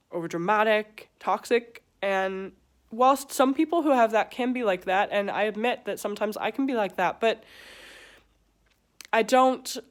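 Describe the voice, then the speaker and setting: A young British woman speaks candidly to camera in a personal vlog. Her voice is smooth and clear at an ordinary pitch, and she pauses often, restarting her thoughts as she goes. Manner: frank, halting, with pauses and fillers. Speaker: vlogger.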